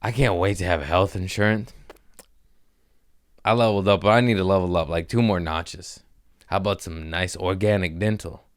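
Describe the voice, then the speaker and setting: A young man hosting a podcast, hoarse from screaming and sore, telling comedic stories in a casual chat. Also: sits low, fairly even intonation, moderate pace, no room sound, clean studio sound. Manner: laughing through pain, sore and winded. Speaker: podcast host.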